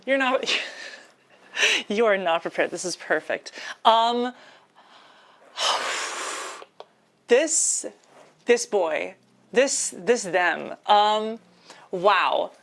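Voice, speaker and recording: A woman live streamer chatting casually with her viewers while cooking, excitable and giggly, often laughing mid-sentence. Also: medium pitch, extremely slow, pauses often. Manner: chatty, addresses viewers as y'all and chat.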